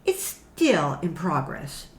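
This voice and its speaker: A woman voicing a brisk, businesslike promoter who pitches merchandise in an upbeat, salesy way. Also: sing-song, a little hiss or hum, exaggerated voice. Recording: roomy echo.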